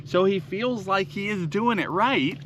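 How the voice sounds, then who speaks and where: A man's voice: sits high, expressive, unhurried, fairly bright tone, slight background noise. A man teaching a fishing seminar, speaking emphatically and counting out rhythms with punchy sound words. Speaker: fishing instructor. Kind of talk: instructional seminar.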